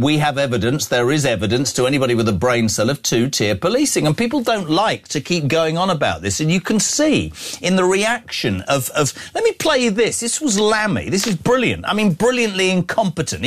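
This is an older man from the UK hosting breakfast talk radio. He is opinionated and emphatic. His voice sits a little high for a man and jumps around a lot. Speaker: radio host.

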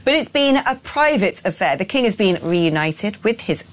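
A woman's voice: mid-range voice, very animated. A woman hosting a breakfast talk radio show, chatting casually and playfully. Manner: chatty, playful, quick to joke.

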